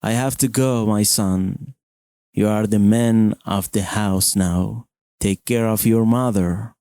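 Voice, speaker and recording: A calm soldier father with a serious, steady way of speaking, acted by a man. His voice is low and mellow, and the words come out slowly and plainly. The sound is dry and close, as in a simple read-aloud storybook. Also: clean tone, no room sound.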